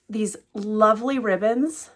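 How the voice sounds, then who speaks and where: A woman vlogging casually about cross-stitch gifts, gushing and emotional, often dropping to a hushed, delighted voice. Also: medium pitch, slow. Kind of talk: casual show-and-tell vlog.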